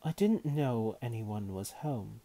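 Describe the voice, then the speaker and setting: A man reading aloud and voicing an imperious, scheming woman wizard who speaks with haughty calm. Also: fairly low pitch, slow. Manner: haughty and calmly menacing.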